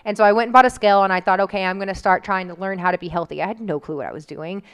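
A woman's voice: mid-range voice, rapid-fire, clear, resonant tone. A woman telling a personal story in casual chat, candid and emotional, with frequent "like" fillers.

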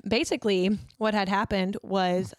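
A woman's voice: medium pitch, steady tone, normal speed, dry recording, clean studio sound. A woman in her twenties co-hosting a podcast, telling candid stories and laughing often. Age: 20s. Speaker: podcast co-host. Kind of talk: casual chat.

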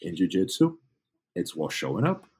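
Low husky man speaking emphatically. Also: sing-song, a little fast, a little mellow. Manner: emphatic, repeats phrases for stress. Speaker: podcast guest, jiu-jitsu instructor. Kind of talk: casual interview chat.

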